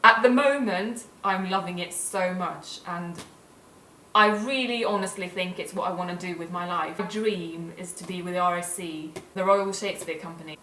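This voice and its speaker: A woman's voice: on the low side, moderate pace, sharp tone, echoey room, far from the mic, slight background noise, rough recording. A young woman from Sweden vlogging in a casual, gushing and earnest way. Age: young adult. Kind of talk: casual vlog talk.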